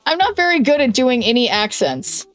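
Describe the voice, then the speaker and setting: A young woman streaming a card game, thinking aloud in a chatty way with lots of "like"s and quick restarts. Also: on the high side, big pitch swings, fairly bright tone. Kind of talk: casual stream chat while playing a card game.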